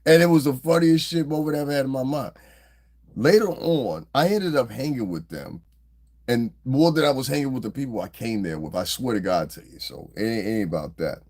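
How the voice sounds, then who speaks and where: A man's voice: mid-range voice, animated, brisk, darkish tone. A man hosting a podcast, talking loosely and profanely as a laughing storyteller. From New Jersey. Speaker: podcast host. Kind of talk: casual commentary monologue.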